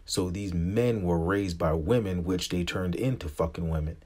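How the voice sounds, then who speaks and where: A man's voice: sits low, moderate pace, a little mellow, husky. A man in his forties from the United States, a vlogger giving a blunt, profane, impassioned opinion rant to camera.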